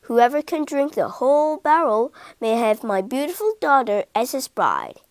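A woman voicing Naresh, a fair and calm male king in a storybook reading, in a measured voice. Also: high voice, dry recording, studio quality.

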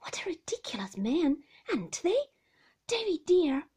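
A woman's voice: very high voice, sing-song, a little slow, darkish tone, pitched above the performer's own voice, heavily acted. A woman whispering as a shy young mother. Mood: coy, playful. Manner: playful, bashful protesting. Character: young gentle laughing mother, girlish and shy.

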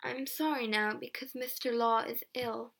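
A woman reading a storybook puts on an exaggerated voice for a ragged, hot-tempered young woman who is defiant and never yields. The voice is fairly high and bright, rising when pushed, with a steady tone, slightly slow pace, and vocal fry.

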